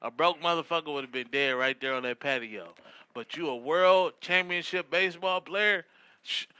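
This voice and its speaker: A man's voice: fairly high pitch, sharp tone, clean tone, dry recording. A man co-hosting a comedy talk show, joking and laughing easily and swearing often. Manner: joking, quick to laugh, profane. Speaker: co-host. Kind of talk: casual comedic chat.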